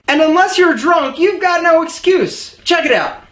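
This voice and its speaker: A man's voice: extremely high pitch, normal speed. Playful man giving mocking advice, echoey room. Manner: playful, mocking, lively delivery. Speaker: presenter of a self-improvement video. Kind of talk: comedic advice talk to camera.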